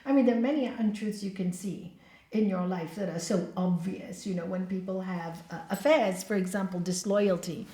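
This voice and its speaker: A woman giving a spiritual talk as a yoga teacher, telling stories in an animated, emphatic way and acting out the people she quotes. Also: mid-range voice, normal speed. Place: hall. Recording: echoey hall.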